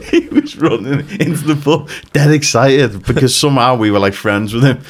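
A man's voice: mid-range voice, moderate pace. A man co-hosting a podcast, telling a dream story in casual chat and laughing through it. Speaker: podcast co-host.

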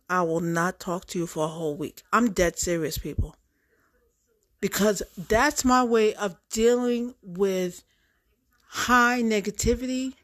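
A middle-aged woman talking straight to her viewers in a casual monologue, emphatic and repeating herself for effect. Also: fairly high pitch. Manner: emphatic, repetitive, addresses audience directly. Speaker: vlogger.

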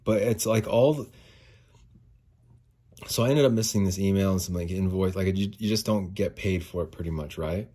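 A man's voice: deep voice, normal speed, dark tone, slightly rough. A man hosting a podcast in a casual solo rant, frustrated and swearing, a little out of breath. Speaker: podcast host.

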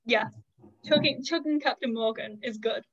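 A woman with a fairly high voice and a breathy edge, speaking at normal speed, is a guest on a podcast. She chats casually, bluntly and opinionatedly, using lots of "like" and "um," and the podcast audio is dull and lo-fi.

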